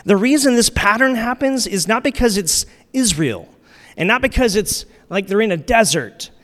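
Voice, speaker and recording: A man's voice: high-pitched, animated, moderate pace, fairly bright tone. A middle-aged man, a pastor, preaching in a conversational, candid, self-deprecating way. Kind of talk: sermon. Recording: hall reverb.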